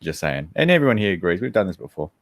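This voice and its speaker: Joking Australian man, low voice. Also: big pitch swings, fast talker, no room sound, studio quality. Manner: swears freely, joking. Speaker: guest. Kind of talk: casual livestream chat.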